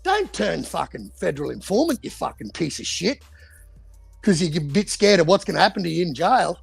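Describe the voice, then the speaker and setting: A man's voice: high-pitched, big pitch swings, a little fast, creaky, slightly rough, soft background music. A man co-hosting a casual boxing podcast, talking in profane, heated rants. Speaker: podcast co-host.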